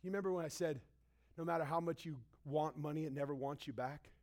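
A young male pastor preaches a sermon fast, in a fairly high voice. He's animated, acting out quotes and swinging between loud and hushed.

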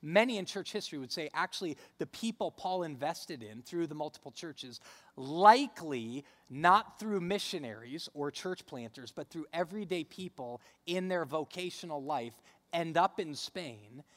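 A man's voice: a little high, animated, moderate pace, a bit bright. Preaching man in a reverberant hall. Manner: conversational, storytelling, rising emphasis on key points. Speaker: pastor. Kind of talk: sermon.

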